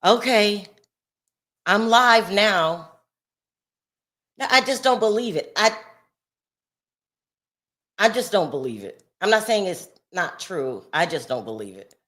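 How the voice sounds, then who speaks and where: Slow-talking upset woman livestreaming from home. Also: mid-range voice, expressive. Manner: emotional, rambling, swings from loud outbursts to sighing murmurs. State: upset, shaky. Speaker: live-stream host. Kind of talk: casual live-stream commentary.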